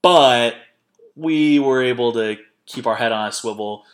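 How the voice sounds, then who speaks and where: A man's voice: medium pitch, measured pace. A young man hosting a podcast in casual, rambling chat, laughing often and swearing freely. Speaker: podcast host.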